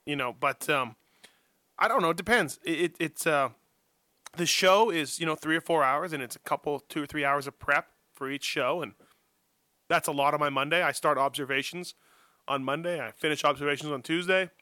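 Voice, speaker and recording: Bright, rambling man on a podcast. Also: on the high side, fairly quick, no room sound, studio quality. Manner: rambling, self-deprecating, many fillers and restarts. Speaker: motocross journalist guest. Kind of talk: casual podcast interview. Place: home office.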